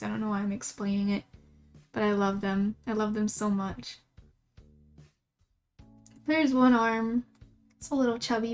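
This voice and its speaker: A woman's voice: a little high, a little mellow. A young woman streaming live as she draws, chatting casually in a rambling, giggly, self-mocking way. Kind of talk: casual livestream chat while drawing.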